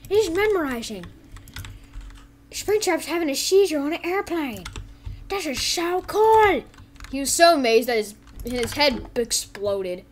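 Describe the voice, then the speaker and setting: Brief: high, bouncy female gameplay narrator, giggly, full of silly voices. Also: animated, moderate pace, slight background noise. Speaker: gameplay video host. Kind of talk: excited gameplay commentary.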